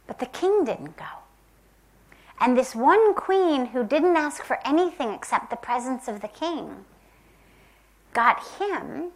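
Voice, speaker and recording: Slow, soft-spoken woman telling a spiritual parable. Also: high voice. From United States. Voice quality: soft, drops to whispers. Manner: slow, gentle and reflective, with long pauses. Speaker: spiritual teacher. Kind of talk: spiritual storytelling talk.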